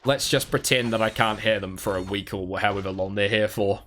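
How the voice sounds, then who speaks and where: A man's voice: lowish voice, fairly even intonation, fairly quick, a bit bright, a little hiss or hum. A man from New Zealand chatting casually while streaming a game, rambling and self-mocking with many restarts. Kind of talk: casual gameplay chat.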